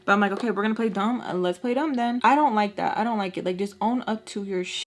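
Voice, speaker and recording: A woman's voice: medium pitch, fast. A woman telling a storytime on her vlog in casual chat, blunt and exasperated, leaning on "like" and swearing freely. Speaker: storytime vlogger.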